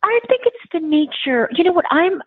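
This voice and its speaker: A woman's voice: very high voice, very animated, normal speed, no room sound. A woman in her forties, a relationship expert talking in a frank, blunt, philosophical way as an interview guest. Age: 40s. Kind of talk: casual interview chat. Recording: tinny phone-like line, dry.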